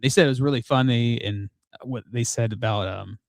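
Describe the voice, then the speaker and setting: A man co-hosting a podcast, joining the chat with quick, joking banter. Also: medium pitch, creaky, no room sound. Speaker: podcast co-host.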